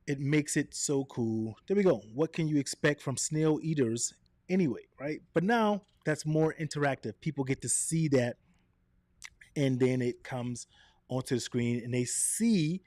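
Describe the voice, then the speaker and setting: A man presenting a live online coaching session, energetic and direct, swinging his voice up and down and checking in with "right?" and "okay?". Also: medium pitch, no echo, studio quality. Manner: energetic, varies his voice up and down, quick asides. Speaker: presenter of a live video workshop.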